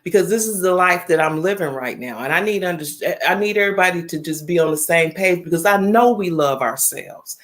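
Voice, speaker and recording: A woman in her fifties hosting a casual livestream, talking straight to her viewers in an animated, emphatic storytelling way. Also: medium pitch, a little fast, few pauses. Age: 50s. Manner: animated, emphatic, storytelling, addresses chat directly. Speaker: livestream host.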